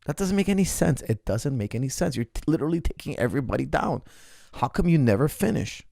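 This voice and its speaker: A man's voice: fairly high pitch, sing-song, quick pace, gravelly, dark tone, no room sound, studio quality. A man, an MMA coach, recapping a fight in casual podcast talk, emphatic and repeating his points.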